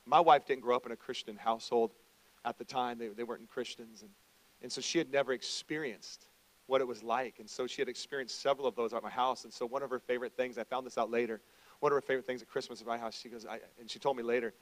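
A middle-aged male pastor delivers a conversational sermon quickly in a mid-range voice. He moves between quiet asides and loud, emphatic stretches.

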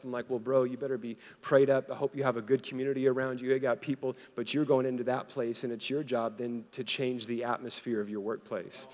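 A young man preaching a sermon, casual and conversational, calling on the congregation to answer back. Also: medium pitch. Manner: casual, conversational preaching with audience call-and-response. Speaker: pastor. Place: church auditorium. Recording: long hall reverb.

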